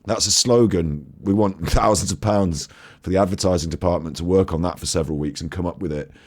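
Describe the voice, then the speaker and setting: A man's voice: low-pitched, fairly quick, a little mellow. Crude sarcastic man. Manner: sarcastic, crude, laughing often. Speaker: host. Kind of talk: casual comedic commentary on old TV clips.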